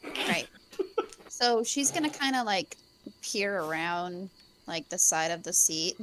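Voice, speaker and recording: A woman's voice: lowish voice, animated, slow, fairly bright tone, slight background noise. A woman playing a tabletop game, describing her character's actions hesitantly with many fillers. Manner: hesitant, lots of ums and likes. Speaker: player. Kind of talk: casual tabletop play.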